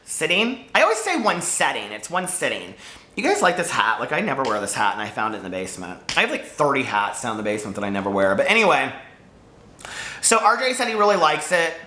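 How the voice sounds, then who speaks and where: A chatty man talks to camera about his reading, rambling from one topic to the next. His voice is bright and sharp, with a very lively pitch. The room around him sounds echoey. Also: quick pace, slight background noise. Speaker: book vlogger. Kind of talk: casual chat to camera.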